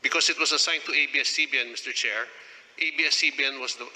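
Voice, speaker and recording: A man with a Filipino accent testifies as a lawyer before a legislative committee. He answers formally and deferentially in a middle-pitched, bright, cutting voice. The room adds a long reverberant tail. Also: quick pace. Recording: echoey hearing hall.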